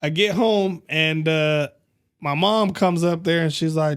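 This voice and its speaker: A man hosting a casual chat, telling a story in an animated, profane, emphatic way. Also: a little high, unhurried, clean tone. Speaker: podcast host.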